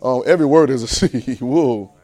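A man preaching a sermon, emphatic and repetitive, who swings from shouts to quiet asides and keeps asking the congregation rhetorical questions in colloquial speech. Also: medium pitch, normal speed, no echo.

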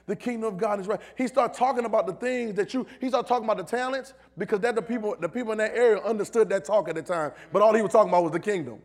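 A man preaching a sermon in a call-and-response style, building from low asides to loud shouted calls, with speech. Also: racing, hardly any pauses.

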